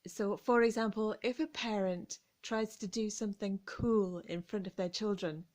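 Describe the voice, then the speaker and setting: A woman with an English accent teaching an English word in a slow, deliberate lesson, savoring each word and acting out examples. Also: medium pitch, steady tone, a little mellow. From England. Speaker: English teacher and vocal coach.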